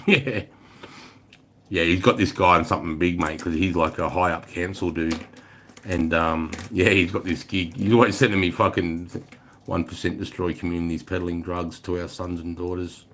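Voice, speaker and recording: A man's voice: low voice, fairly even intonation, normal speed, fairly bright tone, a little hiss or hum. An Australian man telling a rambling, profane story to his live chat. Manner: profane, rambling, swears constantly. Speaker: livestreamer.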